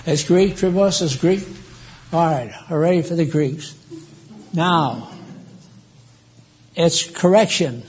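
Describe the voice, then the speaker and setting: A man who sounds older preaches to his congregation in a church, speaking slowly and plainly while addressing them directly. His voice is a little high and a little mellow, with a slight hiss or hum in the recording.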